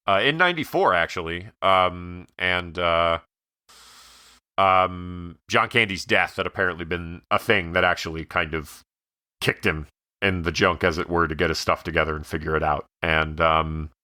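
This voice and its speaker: A man with a deep yet bright, edgy voice co-hosts a casual podcast chat. He tells stories with animated energy and acts out the quoted lines. His voice sounds dry and close to the mic. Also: clean tone, dry recording. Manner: animated storyteller, acts out quoted scenes at a much higher pitch. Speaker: podcast co-host.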